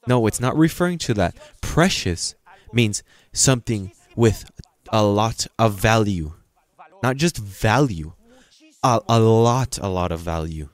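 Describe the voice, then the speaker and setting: A man preaching a sermon as pastor, reading scripture slowly and breaking into sudden loud, emphatic passages. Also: lowish voice, expressive. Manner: reads scripture aloud slowly and stresses it.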